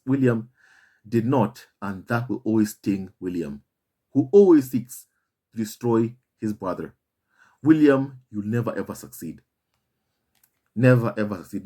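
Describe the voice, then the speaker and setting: A man's voice: on the low side, darkish tone, slightly rough. A man hosting a commentary video, speaking emphatically and repeating himself as he addresses his viewers as family. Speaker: commentary channel host. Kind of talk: impassioned commentary monologue.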